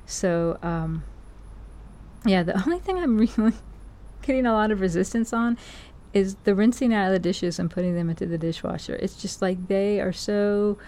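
A woman's voice: mid-range voice, moderate pace, warm tone. A middle-aged woman chatting casually to her viewers, rambling and correcting herself as she goes. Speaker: vlogger.

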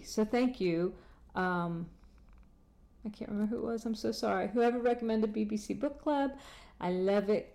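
Medium in pitch and somewhat dark in tone, this podcast host records from her home. Her casual chat wanders, packed with fillers and false starts, and she moves about the room while speaking.

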